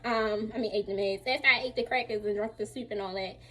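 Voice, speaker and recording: A young woman, telling a lively storytime about her surgery recovery at home while still a little sore. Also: mid-range voice, fast. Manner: chatty, animated retelling with acted-out quotes. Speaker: vlogger. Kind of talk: casual storytime while getting dressed.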